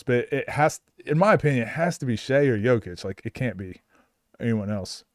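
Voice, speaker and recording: A man's voice: mid-range voice, animated, normal speed, no echo. Man from Oklahoma with a mid-range voice, recorded dry, chatting casually with his stream chat and laughing often. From Oklahoma, USA.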